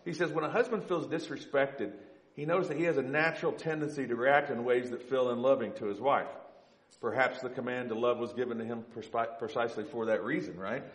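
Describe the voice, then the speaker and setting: A man preaches in a relaxed, conversational way, talking straight to his congregation and livening up when he jokes. His voice sits at an ordinary middle pitch, and the big church room around him adds a clear echo. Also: fairly quick. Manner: conversational, animated when joking. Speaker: pastor. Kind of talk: sermon. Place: church sanctuary with stage lights.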